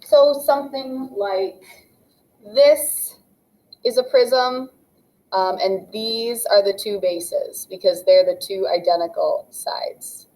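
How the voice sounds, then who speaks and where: A woman's voice: mid-range voice, dark tone, rough recording. Patient woman teaching geometry. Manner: patient, explains step by step while drawing. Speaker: math teacher. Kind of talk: classroom lesson narration.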